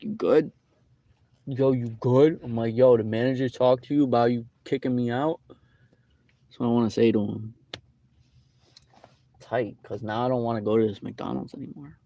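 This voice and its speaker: A man's voice: medium pitch, mellow, highs cut off, close to an everyday voice. A man playing a grumpy real-life Sonic the Hedgehog, rambling through an aggrieved, repetitive complaint in an improvised comedic rant.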